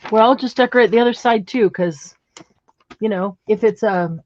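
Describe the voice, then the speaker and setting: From her home craft room, a woman hosts a livestream, chatting casually, admiring her materials and thinking aloud as she works. Her voice is medium-pitched at a moderate pace, and the recording sounds muffled.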